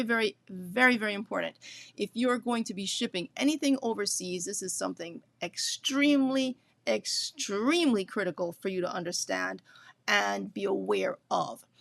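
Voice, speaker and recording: A woman's voice: medium pitch, gravelly, fairly bright tone, no room sound. A woman hosting an educational business talk, explaining things step by step and stressing key points by repeating them, with light chatty asides.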